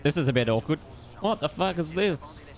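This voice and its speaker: A man's voice: on the high side, animated, normal speed. A man streaming a flight simulator, commenting brashly to himself and swearing a lot. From Australia. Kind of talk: live flight-sim gameplay commentary.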